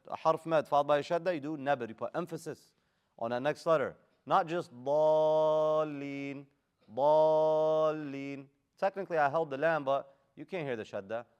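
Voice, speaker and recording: A man's voice: on the high side, highs cut off. A man teaching Quran recitation in a class, giving casual, direct corrections and modeling the Arabic sounds. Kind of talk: live tajweed class instruction.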